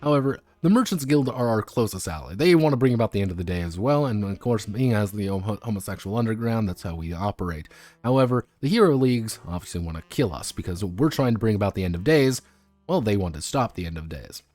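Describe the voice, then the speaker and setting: Man, streamer, low voice, animated pitch, dry close sound, rambling, stumbling restarts. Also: quick pace, dry recording, faint music behind. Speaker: streamer reviewing tabletop games. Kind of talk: casual livestream commentary.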